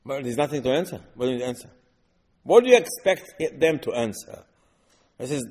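Animated man teaching Torah, echoing hall. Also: a little high, brisk. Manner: animated, rhetorical questions, quotes verses in Hebrew. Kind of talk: Torah class in English.

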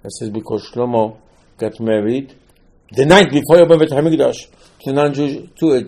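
Husky, mellow-voiced male preacher. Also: medium pitch, moderate pace. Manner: animated storytelling, acting out quotes; emphatic, repeats key words. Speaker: religious teacher. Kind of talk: sermon on scripture.

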